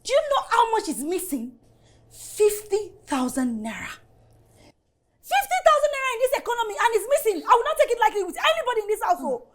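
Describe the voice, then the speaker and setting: An actress with a Nigerian accent playing a loud, accusing young woman in a Nollywood film. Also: extremely high pitch, big pitch swings, fast, a little hiss or hum. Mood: indignant.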